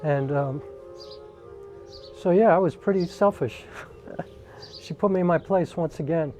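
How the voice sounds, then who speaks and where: A man's voice: a little high, measured pace, darkish tone, soft background music. A man from the New York area, a singer, telling a personal family story in a conversational way, with frequent "um" and "like". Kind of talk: casual personal storytelling to camera.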